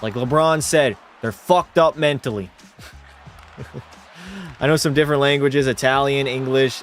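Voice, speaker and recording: A man with a somewhat high-pitched voice hosts a livestream, chatting loosely with his viewers. He jokes, swears freely, and teases the chat as he reacts. Faint music plays beneath his talk. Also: moderate pace. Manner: joking, profane, banters with chat. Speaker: livestream host. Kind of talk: casual commentary reading chat.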